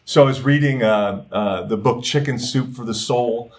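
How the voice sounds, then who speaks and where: A middle-aged man preaching as a pastor in an earnest, steady way. He drives home points by repeating phrases, now and then dropping into a softer, slower tone. His voice sits at an ordinary male pitch. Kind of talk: sermon.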